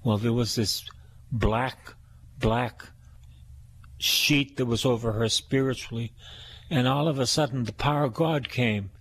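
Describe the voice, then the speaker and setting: A man's voice: medium pitch, moderate pace. A man preaching a sermon, reading scripture and repeating phrases for emphasis.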